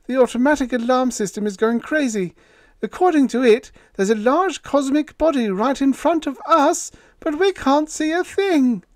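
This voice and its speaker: A man voicing a panicky young male spaceship officer who stammers in a high, strained voice. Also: sing-song, a little slow, smooth, no room sound. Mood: panicked.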